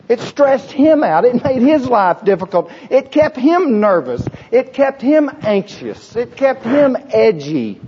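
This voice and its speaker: A man preaching a sermon with a husky voice, emphatic and repetitive, asking the congregation rhetorical questions. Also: high voice, warm tone, big-room sound, lo-fi sound. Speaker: pastor.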